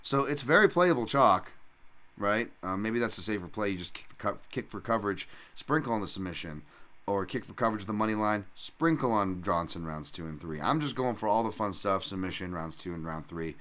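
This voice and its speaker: A man's voice: on the low side, lively intonation, fairly quick, a bit bright. A man hosting a solo fight-betting podcast, talking casually in a profane, rambling and jokey way. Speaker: podcast host and fight analyst.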